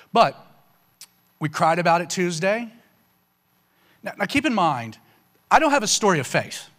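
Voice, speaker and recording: A man telling a personal faith testimony to an audience, in a casual, conversational way with lots of "you know" and "man", getting animated at the emotional peaks. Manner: animated, rising sharply in pitch on emotional punchlines. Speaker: speaker giving a personal testimony.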